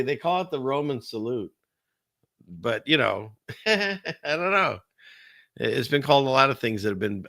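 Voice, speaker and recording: A man's voice: medium pitch, vocal fry, sharp tone, dry recording, studio quality. A man hosting a casual livestream of political commentary, rambling and sarcastic, often laughing between remarks. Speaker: host of a political commentary stream.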